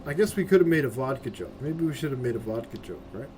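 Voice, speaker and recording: A male game streamer gives casual, chatty, profane commentary over game music, often ending lines with "right?". His voice is medium-pitched and darkish with a little hiss or hum, and he talks expressively at a quick pace.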